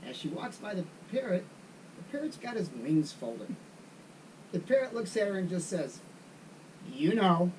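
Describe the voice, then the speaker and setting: A man's voice: sits high, very animated, normal speed, mellow, far from the mic, slight background noise, poor audio. Man hosting a golf chat show. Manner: jokey, tells jokes. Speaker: host.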